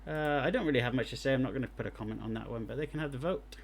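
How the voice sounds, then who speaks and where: Excitable man streaming game reviews. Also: medium pitch, very fast. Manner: excitable, talks to himself while playing. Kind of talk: live gameplay commentary.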